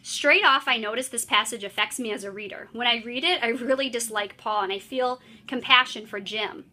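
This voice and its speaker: A woman in her thirties teaching a writing lesson to a class, clear and encouraging as she explains. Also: a little high, brisk, bright, forceful tone.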